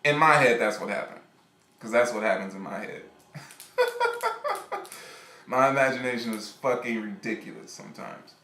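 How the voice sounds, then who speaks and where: A man rambles through a casual live-stream story, animated and laughing often. His voice is bright and forward. The room around him is echoey. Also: medium pitch, a little slow, pauses often, slight background noise.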